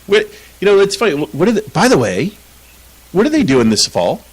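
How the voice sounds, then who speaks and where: A man's voice: sits high, wildly swooping pitch, fairly quick, slightly rough, poor audio. A man co-hosting a casual soccer podcast, ranting with lots of swearing and frequent laughter. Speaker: podcast co-host.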